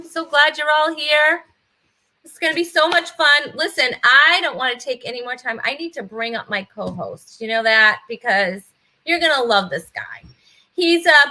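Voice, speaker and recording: A cheerful woman host from Massachusetts runs a casual online talk show. Her voice sits high and bright, and she warmly reels off viewers' names as she welcomes them over a video call. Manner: bubbly, greets viewers by name. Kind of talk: casual live-stream chat.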